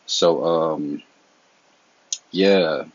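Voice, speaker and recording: Hosting a casual podcast on his own, a young Southern man talks in a candid, slangy and earnest way, his accent clearly from the American South. His extremely low voice stays steady and extremely slow, captured in a dull, dry, lo-fi recording.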